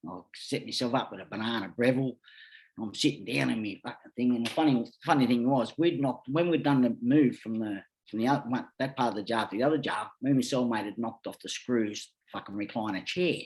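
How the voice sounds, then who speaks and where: A man's voice: medium pitch, brisk. A middle-aged Australian man, a podcast guest, telling rambling stories in casual talk and swearing constantly. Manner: lively, rambling anecdotes. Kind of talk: casual storytelling.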